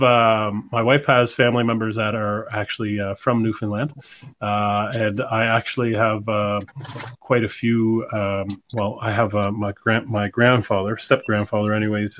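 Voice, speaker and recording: Male host, lowish voice, casual rambling chatter. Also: little pitch movement, a bit bright, lo-fi sound, slight background noise. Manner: rambling, halting, lots of fillers. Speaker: podcast host. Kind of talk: casual livestream chat.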